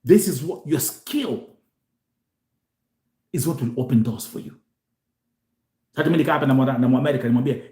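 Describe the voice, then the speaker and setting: A man's voice: medium pitch, fairly quick, pauses often, mellow, roomy sound. A man from Kenya hosting a show, talking animatedly to viewers and switching between Swahili and English, often repeating himself. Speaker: host. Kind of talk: live show monologue to viewers.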